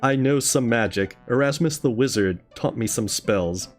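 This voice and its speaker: A man's voice: mid-range voice, animated, fairly quick, faint music behind, lightly acted. A man reading the lines of a friendly, rambling old male hermit in his own plain voice, with no accent put on.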